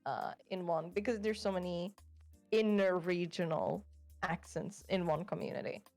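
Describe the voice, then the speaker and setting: A woman's voice: on the low side, normal speed, creaky, no room sound, soft background music. A woman from Sweden with a Swedish accent, a guest chatting casually and acting out quoted remarks. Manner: animated, acts out quoted remarks. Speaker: guest VTuber. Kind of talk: casual chat.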